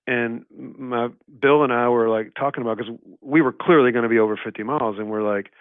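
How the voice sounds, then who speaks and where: A man's voice: mid-range voice, steady tone, brisk, few pauses, clean tone, no room sound. A man rambling through stories in an easygoing podcast chat, leaning on "you know" and "like" as he goes. His voice comes through a thin, phone-like line with no room sound around it. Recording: tinny phone-like line, dry.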